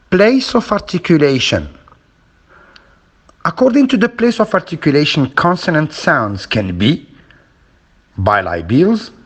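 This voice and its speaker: A man teaching a phonetics lesson, slowly spelling out each sound with an example word. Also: mid-range voice, slightly rough.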